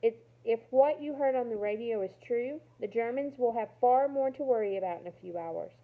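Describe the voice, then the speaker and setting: A woman's voice: a little high, moderate pace, lightly acted. A woman reading aloud the lines of a stern male resistance leader, firm and businesslike. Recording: tinny phone-like sound.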